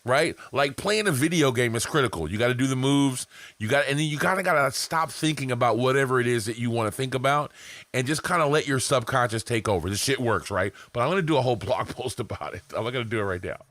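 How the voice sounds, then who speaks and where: Man, marketing coach, casual, profane, self-mocking, mid pitch, dry sound. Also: fast, fairly bright tone, dry recording. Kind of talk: casual teaching to camera.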